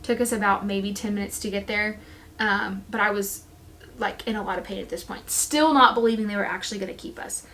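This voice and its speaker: A woman's voice: mid-range voice, a little fast, a bit bright, a little hiss or hum. A young woman, a first-time mom, chatting casually to camera as she tells a personal story, often quoting herself. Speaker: vlogger, new mom.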